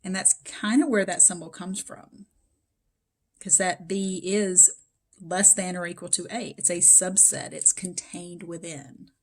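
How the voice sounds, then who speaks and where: A woman, a math instructor giving a recorded lecture, her voice a little hoarse and froggy, chatty and explanatory with plenty of fillers. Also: on the low side, steady tone, measured pace.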